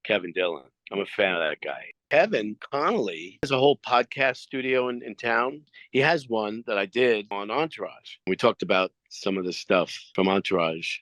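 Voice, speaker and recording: A man's voice: fairly low pitch, normal speed, few pauses, no echo. A middle-aged man, an actor being interviewed, telling anecdotes casually and acting out the lines. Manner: animated anecdotes with acted-out quotes. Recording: dry, slightly dull sound.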